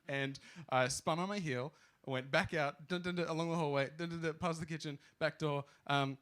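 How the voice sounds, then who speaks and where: Aussie guy doing standup, bright highish voice, lots of ums, self-deprecating rambling. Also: fairly even intonation, a little fast. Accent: Australian. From Queensland, Australia. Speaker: stand-up comedian. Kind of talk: live stand-up storytelling.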